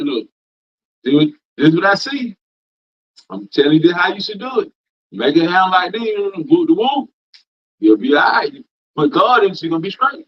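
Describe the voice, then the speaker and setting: Man, preacher, scripture class, folksy vernacular, preachy and repetitive, muffled low-fi audio. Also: husky. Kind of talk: informal sermon, reading and commenting on scripture. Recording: dull lo-fi sound.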